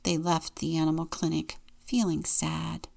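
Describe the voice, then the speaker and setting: A woman deacon reading a children's picture book aloud in a gentle, unhurried storytelling manner. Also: deep voice, flat delivery, gravelly.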